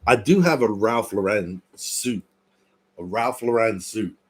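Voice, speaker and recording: A man's voice: on the low side, expressive, a little slow, breathy edge. A man in his thirties chatting casually and joking on his own livestream, swearing and laughing often. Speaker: livestream host.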